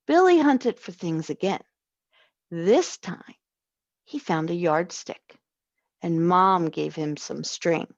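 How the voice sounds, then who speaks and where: A woman reading a children's story aloud, slow and expressive. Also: mid-range voice, no room sound, highs cut off. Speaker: story reader.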